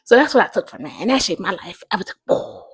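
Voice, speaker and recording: A woman's voice: mid-range voice, animated, fast, slightly rough, no echo. A woman hosting a casual faith podcast, rambling and thinking aloud with many fillers. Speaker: podcast host.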